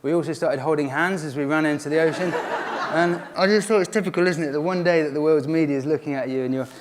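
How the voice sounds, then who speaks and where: Male guest speaker, humorous, relaxed anecdotes, a touch high in pitch. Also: quick pace, slight background noise. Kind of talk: inspirational talk.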